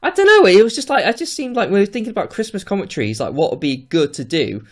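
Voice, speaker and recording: A man's voice: high voice, sing-song, fast talker. An English man co-hosting a podcast, chatting casually and hesitantly, with many restarts. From Britain. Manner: hesitant, many fillers and restarts, laughs easily. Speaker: podcast co-host. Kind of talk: casual chat.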